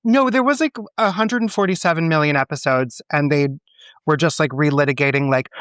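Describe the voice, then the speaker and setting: A man co-hosting a podcast, a teacher, chatting in an animated, cursing way and repeating words for emphasis. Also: a little high, brisk, dry recording, studio quality. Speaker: podcast co-host. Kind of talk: casual podcast chat.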